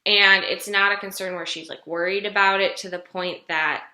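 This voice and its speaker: A woman's voice: medium pitch, fairly even intonation, normal speed, pushed and bright. A young woman late in pregnancy, telling her story in a chatty vlog with lots of "like" fillers. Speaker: vlogger. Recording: echoey room.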